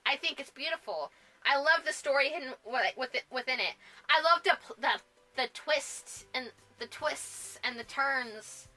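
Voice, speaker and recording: A woman's voice: high-pitched, moderate pace, pushed and bright, soft background music, poor audio. A woman presenting a casual book review vlog, bubbly and gushing, laughing often as she talks. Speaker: book vlogger.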